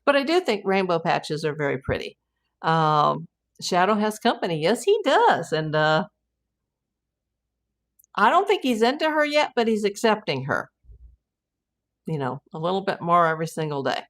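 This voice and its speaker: A middle-aged American woman, host of a private investigator livestream, chats casually and rambles over viewer comments with many fillers and restarts. Her fairly low, slightly bright voice is sing-song, unhurried, and broken by long pauses.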